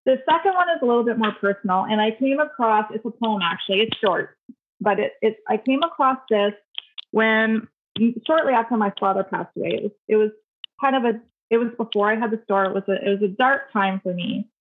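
A woman's voice: a little high, brisk. A woman who owns a store, a guest on a podcast, speaking earnestly and reflectively, often starting sentences over. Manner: reflective, earnest, many restarts. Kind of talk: casual interview chat. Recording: phone-like line with faint noise.

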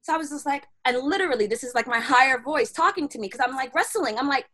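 Woman w/ a bright slightly high voice, chatty animated storyteller, slangy. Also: fast, few pauses. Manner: animated, slangy, acts out her own inner dialogue. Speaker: podcast guest. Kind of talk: conversational storytelling.

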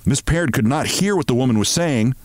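A man hosting a show, reading a short story aloud in an expressive, measured way. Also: mid-range voice, dry recording.

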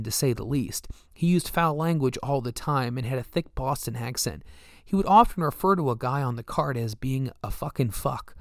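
Male memoir narrator, steady storyteller, medium pitch, dry booth. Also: no room sound. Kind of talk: first-person memoir narration.

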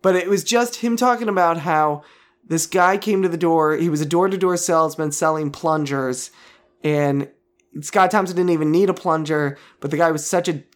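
A man's voice: a little high, steady tone, moderate pace. A man co-hosting a podcast, talking casually and thinking aloud, often restarting his sentences. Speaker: podcast co-host. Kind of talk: casual chat.

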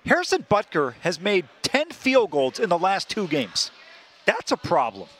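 A man's voice: sits high, huge pitch swings, unhurried, a bit bright, slight background noise. A man co-hosting a sports betting show, making his picks in an emphatic way. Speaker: co-host.

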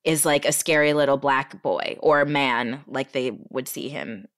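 A woman actress speaking earnestly and reflectively in a casual conversation, pausing mid-sentence. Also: very deep voice, a bit bright.

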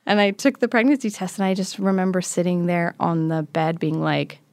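A woman in her thirties tells a story in an animated way and laughs often. She slips into the voices of the people in it. The recording is dry and close, with no room sound. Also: fairly low pitch, fairly quick, no echo. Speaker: guest, comedian and musician. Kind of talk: casual storytelling chat.

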